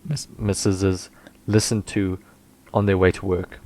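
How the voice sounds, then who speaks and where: A man with a low voice banters on a podcast microphone. He teases his co-hosts and keeps cutting in with quick tangents. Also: flat delivery, a little mellow. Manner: teasing, jumps in with tangents. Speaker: podcast co-host. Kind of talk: casual banter.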